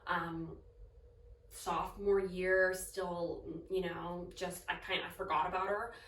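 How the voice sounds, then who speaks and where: A woman's voice: on the low side, little pitch movement, slow, fairly bright tone. A young woman telling a personal story in a casual, chatty way, full of filler words and quoted dialogue. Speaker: storytime vlogger. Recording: roomy, distant from the mic.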